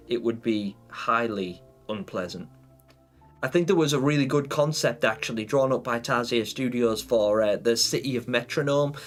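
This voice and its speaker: A man hosting a live stream in casual chat, rambling and laughing often as he reads viewer comments. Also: medium pitch.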